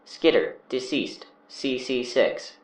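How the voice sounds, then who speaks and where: A flat, mechanical device voice reading alerts one by one, very slow and echoing a little as if in a room, as a male reader does it. Steady and robotic in an audiobook reading. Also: mid-range voice, pitched above the performer's own voice.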